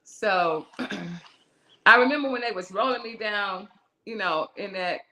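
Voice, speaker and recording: A woman's voice: medium pitch, takes it slowly. Middle-aged woman telling a story animatedly. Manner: animated, acts out the voices in her story; loose, conversational, restarts and asides. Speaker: guest musician. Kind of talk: personal storytelling in an interview.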